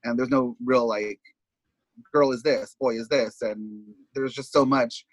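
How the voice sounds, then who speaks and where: A man's voice: medium pitch, fairly even intonation, measured pace, no room sound. A man who is a drag performer, the podcast's guest, telling his story candidly in casual talk that is full of swearing. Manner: casual, swears freely, acts out quotes of others.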